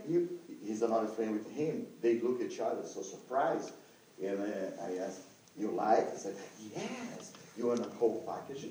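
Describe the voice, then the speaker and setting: A man in his own recounts a testimony at an unhurried pace, with his pitch swinging widely as he leaps into excited highs. His tone is dark and mellow. He sounds distant, in a strongly echoing room with a faint hum of noise. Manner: halting non-native English, jumps to high excited exclamations. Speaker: evangelist sharing a testimony. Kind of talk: animated testimony to a listening audience.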